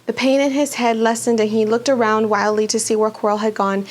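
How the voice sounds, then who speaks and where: A woman reading a children's fantasy book aloud for a book club, with an expressive, dramatic delivery. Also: on the high side, fairly quick. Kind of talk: storybook read-aloud.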